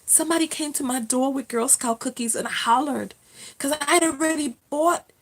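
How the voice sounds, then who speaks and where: A woman's voice: high-pitched, normal speed. A woman hosting a casual live stream from home, chatting with viewers, reading their comments aloud and laughing often.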